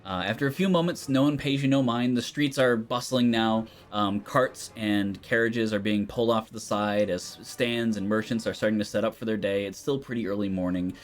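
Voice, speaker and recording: A man narrating as game master of a tabletop game, loose and relaxed with frequent ums. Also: on the low side, normal speed, few pauses, soft background music.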